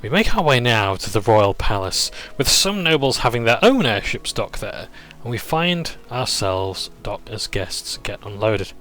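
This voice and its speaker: A man's voice: fairly low pitch, very animated, unhurried, few pauses, a bit bright. A man casually recapping a tabletop campaign session, rambling and chuckling as he goes. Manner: rambling, chuckling, self-interrupting.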